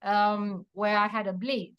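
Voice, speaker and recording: A woman telling her own story in a relaxed interview. She is animated, acting out what people said and laughing as she goes. Her voice sits at a middle pitch for a woman. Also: a little slow, clean tone, highs cut off. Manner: animated retelling, acting out quoted dialogue, laughing often. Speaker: patient sharing her story. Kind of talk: emotional personal testimony in an interview.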